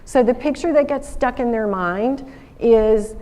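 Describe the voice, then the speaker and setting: A woman's voice: on the high side, a little slow, mellow, in a large hall, poor audio. Southern woman telling stories at an assembly. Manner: folksy storytelling, acts out phone calls. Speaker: guest speaker. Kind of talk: motivational talk to a school assembly. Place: school assembly hall.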